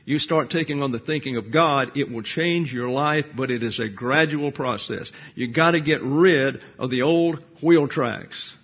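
In a verse-by-verse sermon, a male preacher with a medium-pitched, slightly husky voice moves through scripture. He raises rhetorical questions and answers them in a didactic, matter-of-fact way, slipping in the occasional dry aside. The recording sounds dull and somewhat lo-fi.

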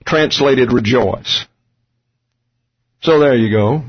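A man's voice: medium pitch, slow, slightly rough. A man teaching a Bible study lesson on Greek grammar, explaining terms step by step with dry asides. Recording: dull lo-fi recording.

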